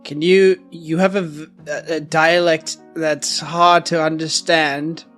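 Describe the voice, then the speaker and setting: A man playing a tabletop game with deadpan jokes. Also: a little high, takes it slowly, faint music behind. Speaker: player. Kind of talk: tabletop role-play.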